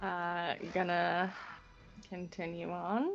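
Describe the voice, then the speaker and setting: A woman's voice: lowish voice, little pitch movement, takes it slowly, lo-fi sound, soft background music. A woman running a tabletop game as game master, wry and teasing as she calls the rolls.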